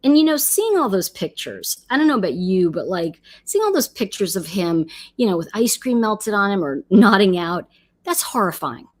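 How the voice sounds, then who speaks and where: Middle-aged woman, livestream host, chatty and animated, lots of fillers and restarts, voice swings widely in pitch. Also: normal speed. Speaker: livestream host reading viewer comments. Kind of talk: casual livestream chat.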